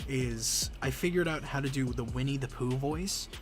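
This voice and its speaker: A man's voice: medium pitch, moderate pace, soft background music. A man chatting casually on a live stream, chatty and self-deprecating, breaking into laughs.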